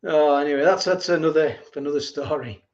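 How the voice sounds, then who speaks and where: Middle-aged man, fairly high voice, rambling casual chat, dull lo-fi stream sound. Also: brisk, darkish tone. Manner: rambling, repeats himself, chuckles often. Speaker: livestream host. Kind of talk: casual live chat reading viewer comments.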